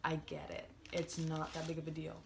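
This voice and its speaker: A woman's voice: low voice, monotone, fairly quick, creaky, background noise. A young woman telling a work story to her camera in a chatty, exasperated way, full of fillers. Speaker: vlogger. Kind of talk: casual storytime vlog.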